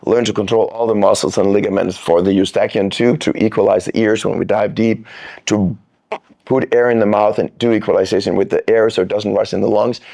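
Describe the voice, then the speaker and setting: Calm gravelly man coaching breathing. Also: lowish voice. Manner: calm, demonstrative, drawn-out words. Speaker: freediving coach, guest. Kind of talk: instructional podcast talk.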